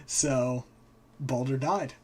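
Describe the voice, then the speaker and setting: A man hosting a live stream, casually retelling myths and slipping into quick character voices. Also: medium pitch. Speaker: host. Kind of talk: casual storytelling.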